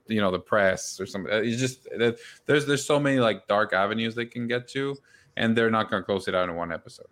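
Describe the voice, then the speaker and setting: Low-voiced man hosting a casual podcast. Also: a bit bright. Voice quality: rambling, many restarts. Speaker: podcast host. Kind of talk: casual chat.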